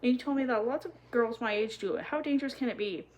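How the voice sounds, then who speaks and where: A woman's voice: fairly high pitch, lively intonation, fast talker, darkish tone, muffled recording, pitched above the performer's own voice, lightly acted. A woman voicing a curious young girl who speaks eagerly and earnestly in a storybook reading. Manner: eager, earnest, hot-tempered.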